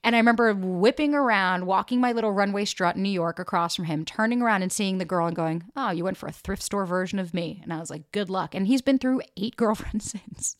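A woman's voice: medium pitch, a little fast, hardly any pauses, dry recording, clean studio sound. A young woman hosting a podcast, telling a breakup story bluntly, swearing freely and acting out what people said. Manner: blunt, profane, animated, quotes people in raised voices. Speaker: podcast host and dating coach. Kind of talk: candid casual storytelling.

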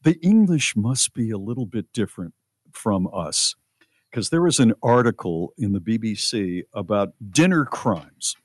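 A man's voice: lowish voice, expressive, unhurried, a little mellow, no echo, clean studio sound. A middle-aged man hosting a radio show, reading items aloud in casual banter and reacting with mock disgust.

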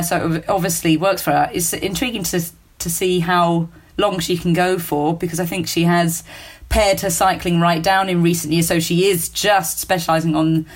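Woman hosting a podcast, lowish voice, lots of ums, easygoing chat. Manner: hesitant, many ums and uhs. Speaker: podcast host. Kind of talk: casual chat.

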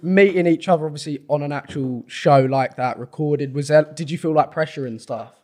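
A man from Wales co-hosting a podcast, asking relaxed, rambling questions full of fillers. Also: on the high side, brisk. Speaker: podcast co-host. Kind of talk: casual interview chat.

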